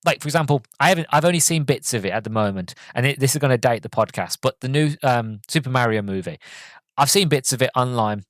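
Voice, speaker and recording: A young man talks his way through a movie's story in a loose, rambling podcast style, stumbling over words and padding with "um" and "like". His voice sits at an ordinary middle pitch and is recorded close and dry, with no room sound around it. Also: expressive, quick pace, a bit bright, no echo. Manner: rambling, full of fillers and self-corrections. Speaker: podcast host reviewing a film. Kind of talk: casual spoken film recap.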